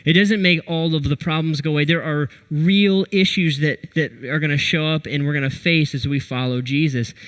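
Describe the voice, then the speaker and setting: A young adult man preaching a sermon, telling a story with lively, animated retellings of what people said. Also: on the high side, normal speed, hardly any pauses, smooth, rough recording. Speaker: pastor.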